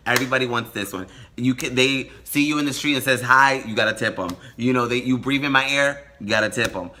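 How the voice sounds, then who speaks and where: Campy guy spilling vacation gossip on his vlog, super bright voice, jumps way up high sometimes. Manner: animated, gossipy, camp storytelling with sudden high squeals. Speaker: vlogger. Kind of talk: casual storytelling to camera.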